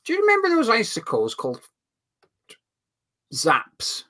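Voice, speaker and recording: A man's voice: sits high, huge pitch swings, a little slow, bright, forceful tone. A man co-hosting a casual football fan watch-along, rambling a little as he reads out viewer comments. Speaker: fan channel co-host.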